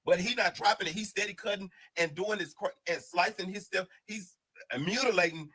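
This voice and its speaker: Bright-voiced man telling a wild story. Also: high voice, fairly quick, slightly rough, poor audio. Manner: animated, slang-heavy, rambling with restarts. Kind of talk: casual storytime monologue.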